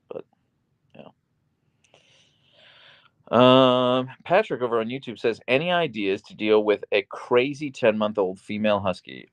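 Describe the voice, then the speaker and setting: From a small bedroom, a man runs a casual livestream, reading the chat aloud and cooing at his dog in high-pitched baby talk. There's no room sound.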